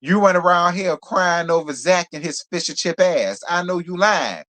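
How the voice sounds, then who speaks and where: A man's voice: high-pitched, moderate pace, a bit bright. Sassy man recapping reality TV. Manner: sassy, blunt, talks straight to viewers. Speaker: reality show reviewer. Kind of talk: live stream recap chat.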